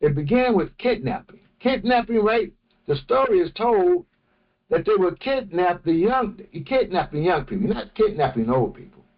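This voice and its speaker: A man teaching a morning religious session, speaking slowly and deliberately and often restarting his phrases. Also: high-pitched, sing-song, highs cut off. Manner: slow, deliberate, with many restarts. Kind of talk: morning lecture.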